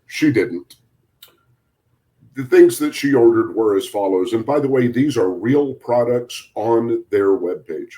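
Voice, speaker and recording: A man, a sheriff's deputy, telling a story on a podcast in a relaxed, amused way, chuckling and acting out the dialogue. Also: mid-range voice, measured pace. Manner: amused, chuckles through his story, quotes people in dialogue.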